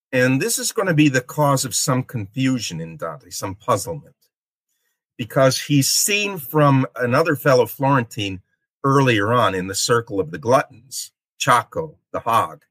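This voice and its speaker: A man giving a literature lecture, deliberate and explanatory, often checking in with "okay?". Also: mid-range voice, a bit bright, no room sound.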